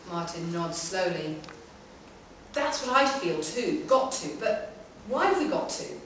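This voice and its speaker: A woman giving a live, measured reading of a short story in a public library room. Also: lowish voice, fairly bright tone, slight background noise. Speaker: reader. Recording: echoey hall from far off.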